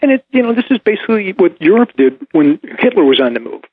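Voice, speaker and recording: A man's voice: high-pitched, very animated, fast talker, breathy edge. A man giving opinionated commentary on the economy, emphatic and scornful of his opponents, heard over a phone line. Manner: emphatic, mocking voices of opponents. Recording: tinny phone-line sound.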